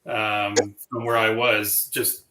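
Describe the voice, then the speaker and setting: Low, bright-voiced man in an echoey room. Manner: relaxed, halting, with many "uh"s. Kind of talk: casual storytelling. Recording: roomy echo.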